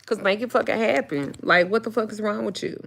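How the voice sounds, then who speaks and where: A woman's voice: medium pitch, fairly quick, gravelly, fairly bright tone. A woman talking casually to camera in a blunt, profane rant, also talking to her dogs. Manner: blunt, swears freely, talks to her dogs. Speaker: spiritual reader and vlogger.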